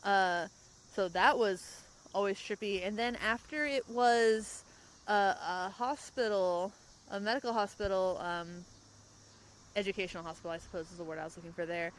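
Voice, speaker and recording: A young woman hosting a podcast in casual chat, rambling and quick to laugh. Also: mid-range voice, steady tone, slight background noise, low-quality recording. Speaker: podcast host. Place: outdoors, in a parked car.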